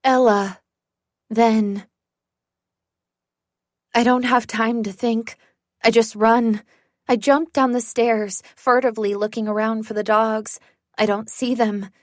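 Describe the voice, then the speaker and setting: Slow, tense woman audiobook narrator. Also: fairly high pitch, no echo, studio quality. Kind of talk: first-person thriller audiobook narration.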